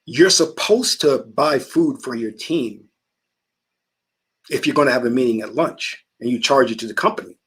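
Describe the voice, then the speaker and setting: Husky man telling stories emphatically. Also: mid-range voice, normal speed, fairly bright tone. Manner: emphatic storytelling. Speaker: host. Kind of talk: casual talk.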